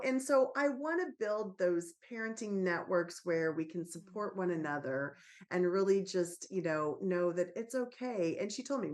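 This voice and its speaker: A woman, a parenting author and guest on a podcast, talks in an earnest, reassuring way and tells stories from her own life as a mother. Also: fairly high pitch. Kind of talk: casual podcast conversation.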